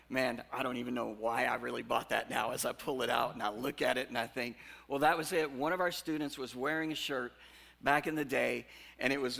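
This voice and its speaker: Male preacher, gravelly edge and bright tone, chatty sermon that jumps from loud and animated to hushed and earnest. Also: mid-range voice. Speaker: pastor.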